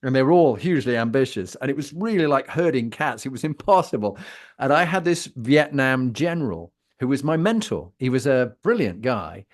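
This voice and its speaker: A man from Britain hosting a conversational interview, telling stories in an animated way with long wind-ups before his question. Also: medium pitch, moderate pace. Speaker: host.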